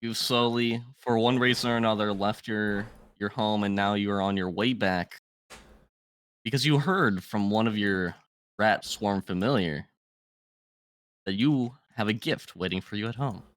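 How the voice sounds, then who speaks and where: A man with a low voice running an online tabletop game. He narrates the setup and jokes loosely with his players. The sound is close and dry. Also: a little slow, a bit bright, no echo. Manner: laughing, swearing banter. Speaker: game master. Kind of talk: casual chat and tabletop narration.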